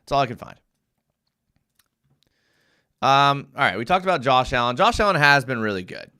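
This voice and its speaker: A young man hosting a live fan show and breaking down game film, animated and easily worked up as he reads viewer comments. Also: mid-range voice, normal speed, clear, resonant tone.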